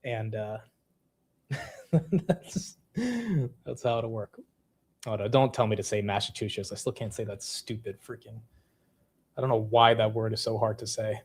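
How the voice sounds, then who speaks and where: A young man hosting a casual livestream, laughing at himself and reacting quickly to the chat. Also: on the low side. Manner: animated, self-mocking, reacting to chat. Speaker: livestream host.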